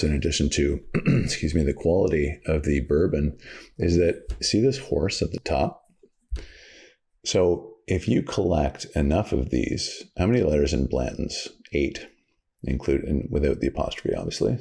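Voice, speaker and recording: A man with a very deep voice chats casually as a podcast host. His tone is gravelly and a little husky. He tells long, rambling stories, full of ums and asides. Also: animated, normal speed, mellow. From Canada. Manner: rambling storyteller with many fillers. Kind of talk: casual chat.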